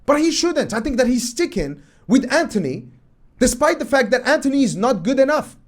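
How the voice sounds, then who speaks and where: A man with a fairly high voice talks through match footage as a football analysis host. He is emphatic and opinionated and keeps firing exasperated rhetorical questions. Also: big pitch swings, a little fast. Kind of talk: commentary over match footage.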